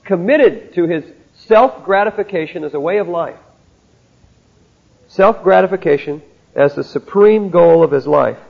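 A man's voice: fairly high pitch, breathy edge. A man giving an earnest, tinny classroom sermon. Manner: earnest, direct, storytelling with asides. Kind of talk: sermon-style lecture to students. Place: classroom with a board. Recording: tinny narrow-band old recording.

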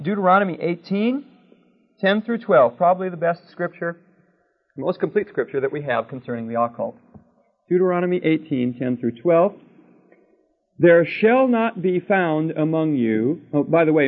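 A man's voice: fairly high pitch, normal speed. Male preacher, storytelling teacher, tinny phone-quality recording. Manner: checks in with "okay?", tells anecdotes. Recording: narrow, tinny phone-like sound.

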